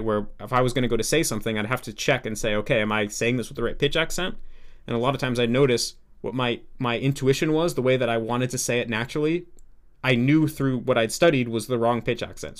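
A young man as a podcast guest, explaining earnestly and thinking aloud in a casual interview. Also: mid-range voice.

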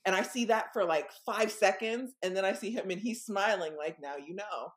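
Mid-range in pitch and moving at an ordinary pace, a young woman co-hosting a podcast tells a loose, rambling story. It's full of "um" and "like," and she performs the voices of the people in it.

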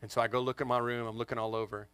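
A man in his forties, a pastor telling a funny family story to his congregation in an animated, joking way. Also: medium pitch, very fast, smooth, no echo. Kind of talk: storytelling sermon. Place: church in front of a congregation.

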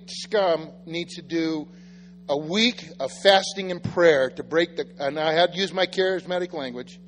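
High-voiced man telling sermon stories. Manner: animated, self-deprecating, acts out quotes. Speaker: pastor. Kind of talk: sermon storytelling. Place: church sanctuary. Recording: reverberant church hall with faint music.

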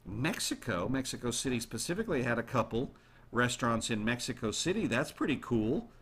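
A man hosting a show, chatting casually to his listeners in an animated way and throwing questions at the audience. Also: mid-range voice, brisk, a little hiss or hum. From United States. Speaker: radio show host.

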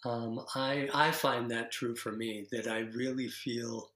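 A man talking casually about laughter practice as a guest, playful and quick to demonstrate laughs. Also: mid-range voice, steady tone, bright, forceful tone, reverberant. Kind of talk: casual interview chat.

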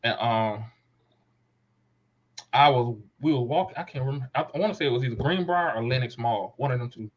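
This podcast co-host, a man in his thirties, has a medium-pitched, expressive voice and a brisk delivery. The lo-fi recording sounds dull as he rambles through a slangy, casual story, often stopping to correct himself.

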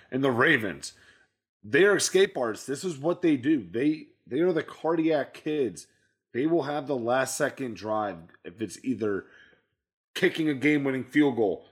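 A man with an ordinary, mid-range voice gives a casual football recap. He is blunt and opinionated, firing off passing and rushing numbers between quick verdicts on each team. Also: medium pitch. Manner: blunt, opinionated, rattles off game stats. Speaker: sports show co-host.

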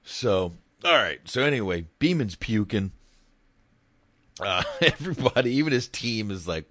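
A man co-hosting a podcast, riffing in casual profane chat and laughing often. His voice sits low and moves slowly, but the pitch swings widely. The sound is dry and close. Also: very animated, no room sound. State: sore throat after shouting. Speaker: podcast co-host. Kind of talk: casual movie review chat.

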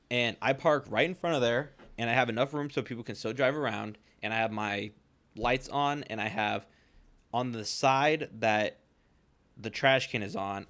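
A man's voice: on the low side, a bit bright. Young man rambling through a story. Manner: rambling anecdote, heavy use of "like", frequent swearing. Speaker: podcast co-host. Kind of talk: casual chat.

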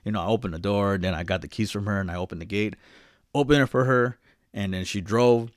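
A man's voice: on the low side, fast, no echo, studio quality. A young man telling a long story in casual chat, rambling and swearing, calling his friend "bro".

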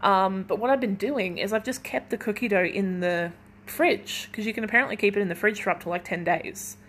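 A woman's voice: mid-range voice, brisk, a bit bright. Young female podcast host, chatty and rambling, mid-range voice, recorded at home with faint noise behind. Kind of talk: casual solo podcast chat. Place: at home in her kitchen while baking.

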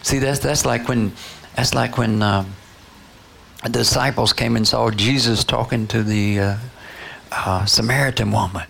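A man's voice: medium pitch, fairly even intonation, measured pace, creaky, a bit bright, husky. A man preaching a sermon, prodding his listeners with repeated "Huh?" and "you know" as he goes.

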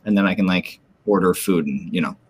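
A man's voice: deep voice, a little fast, a little mellow, slightly rough. A man hosting a podcast, joking and teasing his co-hosts in casual banter, tired from a new baby. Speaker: podcast host.

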